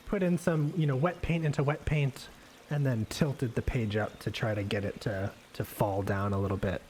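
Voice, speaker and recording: A man talks through his painting in an easy, meandering way, pausing on fillers and circling back over his words as he works. His pitch sits in the middle of the range, and a faint hiss of noise lies under the voice. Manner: relaxed, rambling, many fillers and restarts. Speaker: art instructor painting live. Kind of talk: casual live painting demonstration. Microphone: desk microphone on a livestream.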